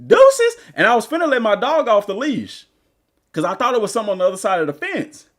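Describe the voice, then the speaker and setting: A man's voice: high-pitched, expressive, quick pace, a bit bright. A male gaming streamer chatting casually and rambling through stories while he plays. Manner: rambling, loose storytelling. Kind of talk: casual live-stream chat.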